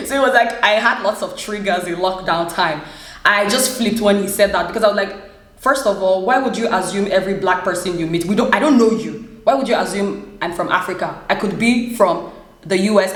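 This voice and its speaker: A young woman with a Nigerian English accent, telling a personal story to camera, animated and laughing often. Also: medium pitch. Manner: animated, laughs often, acts out quoted voices. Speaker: vlogger. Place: room in a flat in Germany. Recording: echoey room.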